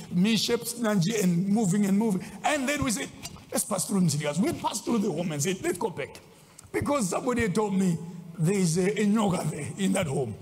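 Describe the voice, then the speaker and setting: A man preaching a sermon as a bishop, swinging between loud exclaims and low asides. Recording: long hall reverb.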